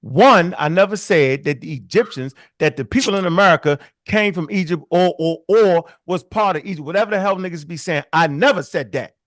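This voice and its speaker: A man's voice: sits high, brisk, few pauses, fairly bright tone, dry recording, studio quality. A man co-hosting a podcast, arguing emphatically in casual chat and ending lines with "yo". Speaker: podcast co-host. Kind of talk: heated casual debate.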